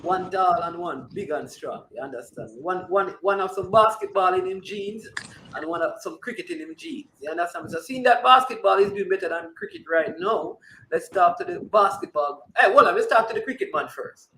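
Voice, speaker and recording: A man's voice: high voice, animated, fairly quick, sharp tone, echoey room, a little hiss or hum, poor audio. A man with a Jamaican accent hosting a casual sports talk show, teasing and bantering and slipping into patois.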